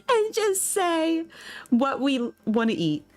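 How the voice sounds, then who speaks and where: A woman's voice: sits high, a little mellow. A young woman streaming and chatting casually with her viewers. She reacts to chat and laughs often.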